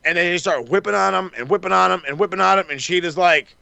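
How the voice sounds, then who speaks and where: A man's voice: high voice, fast, gravelly, dry recording. Brash sweary man recapping wrestling. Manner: animated, swears a lot, acts out wrestlers' lines. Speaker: podcast co-host. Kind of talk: casual profane wrestling recap.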